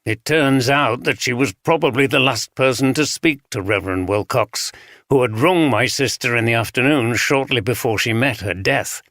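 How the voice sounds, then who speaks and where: A man's voice: medium pitch, normal speed, a bit bright, no room sound, studio quality, natural voice. A man voicing a plain-spoken male detective chief inspector with a northern English accent. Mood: businesslike.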